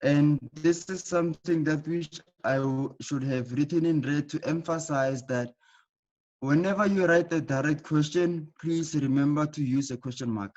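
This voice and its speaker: Teacher guy doing an online class, keeps asking okay?, higher voice, muffled audio. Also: moderate pace, darkish tone. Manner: patient, repeats key points with frequent "okay?" checks. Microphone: computer mic in an online class.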